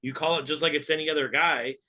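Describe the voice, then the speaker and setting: Heated, bright-voiced podcast man. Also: fairly high pitch, fairly even intonation, quick pace. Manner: blunt, heated, profane. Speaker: podcast co-host. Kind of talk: casual podcast chat.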